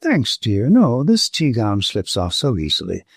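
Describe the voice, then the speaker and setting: A man's voice: medium pitch, huge pitch swings, measured pace, no echo, studio quality, heavily acted. A man voicing a composed middle-aged society mother with a poised, hospitable manner. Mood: gracious. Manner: smooth, poised, politely hospitable.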